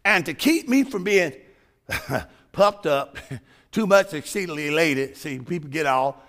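A male pastor preaching a sermon, building to shouts and sung, chanted phrases. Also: on the high side, expressive, unhurried.

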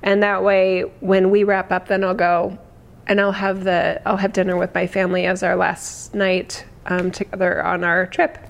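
Hoarse lady in her 40s chatting on a livestream, gushy, laughs a lot, mid-pitched voice. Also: level tone, moderate pace. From United States. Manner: chatty, effusive, laughs often. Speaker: livestream host. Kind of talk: casual livestream chat reading comments.

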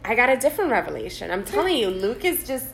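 A woman's voice: on the high side, big pitch swings, fast, vocal fry, a little hiss or hum. A woman co-hosting a casual faith podcast, talking earnestly and reading Bible verses aloud with emotion. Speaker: podcast co-host. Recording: echoey room.

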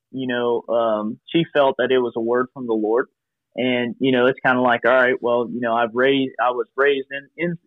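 A man's voice: mid-range voice, dry recording. A man in his thirties tells a long personal story as a guest over a video call. His voice comes through a thin, phone-like line with a dry sound and no room around it. He rambles and fills gaps with "um" and "you know", and acts out the voices of people he quotes. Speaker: podcast guest. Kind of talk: casual storytelling.

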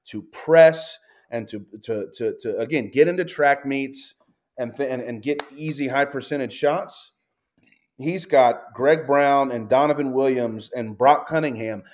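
Guy ranting about college hoops, swears a lot, stumbles, kinda high. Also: unhurried, a little mellow. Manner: profane, ranting, stumbles and repeats words. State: says he is high. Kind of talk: heated casual sports talk.

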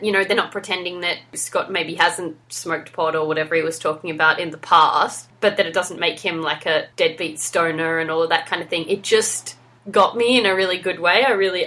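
A woman hosting a podcast recaps a TV episode in casual chat, enthusiastically recounting scenes and quoting lines. Her voice is lowish with a fairly bright tone.

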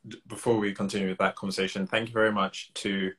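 A man's voice: fairly low pitch, level tone, fast talker, fairly bright tone, slightly rough. A man with a British accent hosting a conversational podcast interview, asking questions in a friendly way and thanking supporters. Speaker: podcast host.

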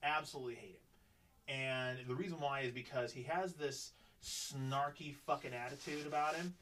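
Profane, animated man telling a work story. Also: medium pitch, normal speed, recorded from a distance, rough recording. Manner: profane, animated, acts out quoted dialogue. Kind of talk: casual storytelling on a podcast.

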